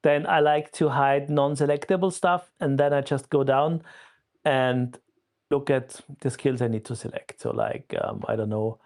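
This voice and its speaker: A man guest giving a casual, step-by-step walkthrough in a steady way of talking. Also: medium pitch, moderate pace. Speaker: guest explaining a tool.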